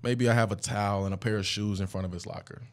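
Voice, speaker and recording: A young man hosting a podcast, telling a story in a casual, animated way and leaping up in pitch when he acts out quotes. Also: fast talker. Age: young adult. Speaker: podcast host. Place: studio.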